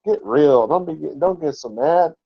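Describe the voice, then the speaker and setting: A man preaching voices Moses as a male figure who casually coaxes God to calm down, on a dull lo-fi recording. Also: a little high, unhurried, creaky, exaggerated voice. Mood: pleading.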